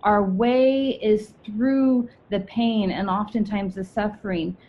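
A woman's voice: fairly even intonation, slow. Earnest woman sharing a devotional over a video call. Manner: earnest, reflective, with frequent fillers and restarts. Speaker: church member sharing a devotional. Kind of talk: informal devotional talk. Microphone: video call mic. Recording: dull lo-fi video call audio with faint rumble.

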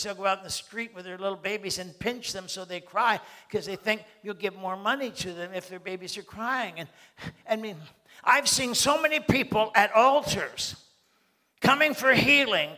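Male pastor, bright high voice, animated sermon with acted-out scenes.

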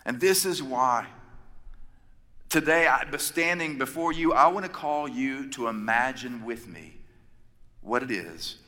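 A man preaching a sermon, emphatic, building his points with repeated phrases and pauses. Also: medium pitch, animated, sharp tone. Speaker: pastor. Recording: long reverb of a large hall.

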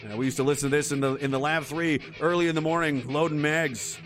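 A man's voice: fairly high pitch, steady tone, quick pace, over music. A man from Western Canada, hosting a livestream and reading viewer messages in a crude, profane, joking way. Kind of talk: casual livestream chat.

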